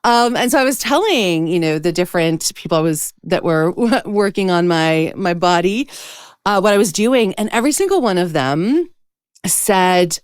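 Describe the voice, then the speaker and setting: A woman's voice: fairly low pitch, normal speed, no echo, clean studio sound. Effusive woman podcast host. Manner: effusive and excitable. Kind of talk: casual interview chat.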